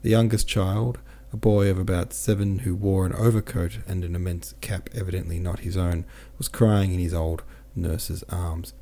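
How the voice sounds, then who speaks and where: Deep-voiced man narrating an audiobook. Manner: steady, measured, descriptive. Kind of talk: audiobook reading.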